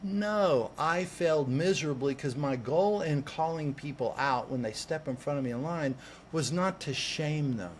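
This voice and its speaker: Man, guest coach, animated storyteller, acts out quotes, slightly high voice. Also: moderate pace, slight background noise. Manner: lively, acts out quoted voices, restarts words. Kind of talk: animated personal storytelling in conversation.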